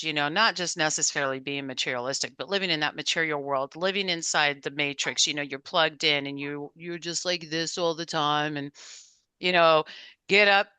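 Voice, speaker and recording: A woman co-hosting a podcast, effusive and thinking out loud, often losing her thread. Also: sits low, smooth, no echo. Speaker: podcast co-host. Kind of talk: casual conversational interview.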